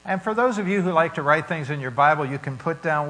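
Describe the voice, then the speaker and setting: A man preaching, reading a story and scripture with dramatic shifts in loudness. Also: a little high, animated, a little fast, hardly any pauses, low-quality recording. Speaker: pastor.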